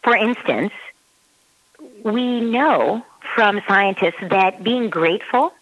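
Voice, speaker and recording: A woman's voice: medium pitch, slow pace, fairly bright tone, rough recording. A woman parenting expert giving advice in casual talk who acts out her child's voice in quotes. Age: adult parent.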